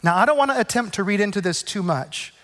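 A man preaching a sermon in a conversational, animated way, often checking in with the congregation. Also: high voice, quick pace, long reverb tail. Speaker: pastor.

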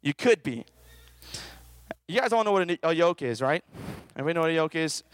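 A man with a high, smooth voice preaches a lively, joking sermon as a children's minister, constantly prompting listeners to answer aloud. The sound is close and dry, with no room echo. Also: brisk. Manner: playful, calls out for audience participation.

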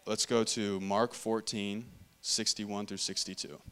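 A man's voice: fairly low pitch, little pitch movement, unhurried, a bit bright, smooth. A man giving a casual sermon, reading scripture aloud and talking it through conversationally, often repeating and restarting phrases. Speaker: preacher. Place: church meeting room.

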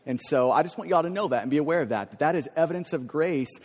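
A man's voice: a little high, lively intonation, fast talker. Man, pastor, middle-aged, earnest, informal, stammering restarts, long hall echo. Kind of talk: church service sharing time. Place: church sanctuary.

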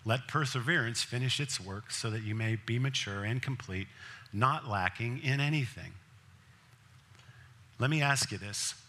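Bright-voiced male pastor preaching. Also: medium pitch, a little slow. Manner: conversational, asks the congregation direct questions. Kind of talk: sermon.

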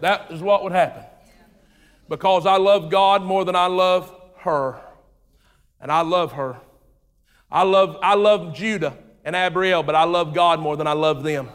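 A pastor preaching an animated sermon, swinging between loud and hushed. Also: male voice, sits high, unhurried, clean tone. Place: church sanctuary. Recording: long reverb of a large hall.

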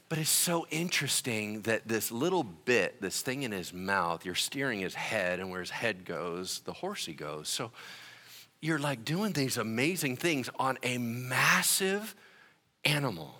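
A man's voice: mid-range voice, big pitch swings, measured pace, sharp tone, long reverb tail. A young adult man preaching a conversational sermon that builds to passionate emphasis. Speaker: pastor.

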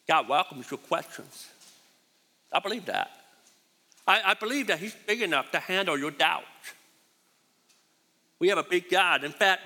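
A man preaching a sermon as pastor, repeating his points with emphasis in a church hall. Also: high-pitched. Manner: repetitive, emphatic, animated. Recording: reverberant hall.

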